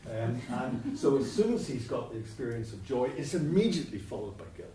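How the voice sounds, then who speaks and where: A man's voice: medium pitch, very animated, brisk, warm tone, a little hiss or hum. A man giving an academic lecture on poetry, thinking aloud with asides and restarts. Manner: discursive, self-interrupting, with asides. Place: church hall. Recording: distant mic, echoey church hall.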